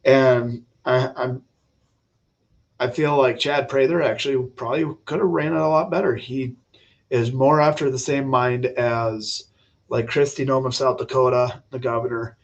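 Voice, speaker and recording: A man's voice: mid-range voice, steady tone, unhurried, highs cut off. A man hosting a casual political livestream, talking bluntly and opinionated, rambling with frequent restarts. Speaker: livestream host.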